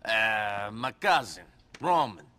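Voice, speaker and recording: A man voicing a gruff, sardonic immigrant ex-soldier with a Balkan accent, in a video game cutscene. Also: on the low side, very animated, takes it slowly, a crowd in the background. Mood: defiant sarcastic. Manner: dry, sarcastic.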